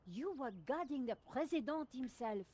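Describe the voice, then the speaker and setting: An actress playing a brisk, curious young journalist in a video game, asking probing questions. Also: female voice, high-pitched, animated, darkish tone, slight background noise.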